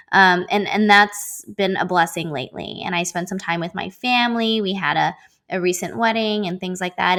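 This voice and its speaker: A woman's voice: on the low side, a bit bright. A woman in her thirties hosting her own show, talking in a heartfelt, rambling way about being present, with many fillers. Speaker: podcast host. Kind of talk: reflective casual monologue.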